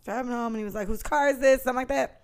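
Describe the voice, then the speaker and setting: A young woman with a gravelly, fry-laden voice chats casually on a podcast. She is animated and swears freely, slipping into the voices of people from her stories. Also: a little high, very fast. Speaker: podcast co-host. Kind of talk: casual storytelling chat.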